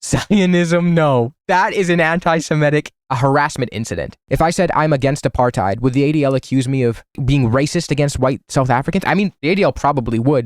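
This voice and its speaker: A man's voice: medium pitch, no room sound, studio quality. A man streaming casual political commentary, sarcastic and profane, with bursts of mock outrage. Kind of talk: casual political commentary, reacting to material on screen.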